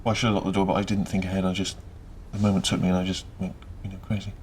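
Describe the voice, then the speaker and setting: A man's voice: low voice, flat delivery, very fast, darkish tone, a little hiss or hum, natural voice. An actor playing an awkward male talent agent caught out in a sitcom scene, flustered and defensive. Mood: sheepish.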